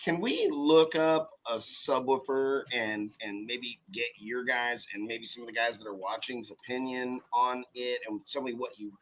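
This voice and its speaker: A man's voice: mid-range voice, a little slow, few pauses, a little hiss or hum. A man hosting a casual podcast chat, telling stories in a profane, rambling way. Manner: profane, rambling, animated storytelling. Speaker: podcast host, car audio shop owner.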